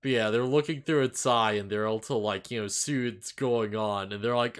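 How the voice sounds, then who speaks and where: Recorded on a face cam with a desk mic, a man co-hosts an anime review podcast in a lowish, smooth, fairly bright voice. His tone stays steady at normal speed with few pauses as he rambles casually with lots of fillers and upbeat asides.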